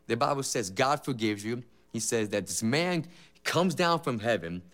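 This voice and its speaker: A man's voice: medium pitch, expressive, normal speed, a bit bright. Earnest man giving an emotional testimony. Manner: emotional, repetitive, earnest storytelling. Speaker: former gang member giving testimony. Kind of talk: personal faith testimony.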